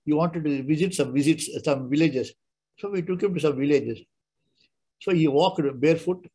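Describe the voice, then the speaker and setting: A man's voice: fairly high pitch, a little mellow, poor audio. Older man telling devotional stories. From India. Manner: halting, repeats words and restarts, acts out dialogue. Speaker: spiritual speaker. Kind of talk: devotional talk with anecdotes.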